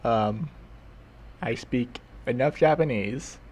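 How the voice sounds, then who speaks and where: A man's voice: mid-range voice, takes it slowly, a little mellow. A man hosting a live stream, chatting casually and answering his chat, often breaking into laughter.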